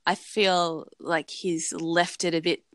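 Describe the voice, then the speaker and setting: Woman rambling slow on a podcast, dry close mic. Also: on the low side, level tone, fairly bright tone, dry recording. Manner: rambling, searching for words. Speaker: podcast co-host. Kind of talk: casual chat.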